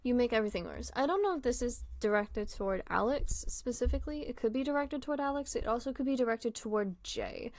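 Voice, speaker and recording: A woman's voice: fairly high pitch, lively intonation, quick pace, hardly any pauses, background noise. A young woman streaming casual commentary, chatty and easily distracted, laughing often.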